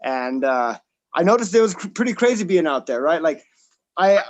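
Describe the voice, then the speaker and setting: A man's voice: on the high side, big pitch swings, moderate pace, poor audio. A man in his thirties from Colorado doing a stand-up set over a video call, rambling and self-deprecating with many fillers and restarts. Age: 30s. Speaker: stand-up comic.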